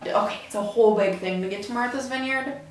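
A woman's voice: a little high, quick pace, a little mellow, slight background noise. A young woman hosting her own podcast, chatting casually, rambling and self-deprecating, swearing now and then. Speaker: podcast host. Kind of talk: casual solo chat. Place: room at home with door open. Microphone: desk mic.

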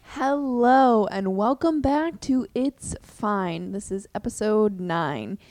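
A woman's voice: medium pitch, animated, slow, a little mellow, no room sound, soft background music. A young woman hosting her own podcast, chatting casually, rambling and self-deprecating, swearing now and then. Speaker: podcast host. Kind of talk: casual solo chat. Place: room at home with door open. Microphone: desk mic.

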